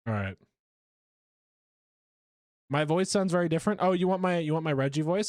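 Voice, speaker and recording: A man's voice: a little high, moderate pace, pauses often, a little mellow, no echo, clean studio sound. A man streaming a game live, chatty and self-mocking as he talks through his play. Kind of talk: live gameplay commentary.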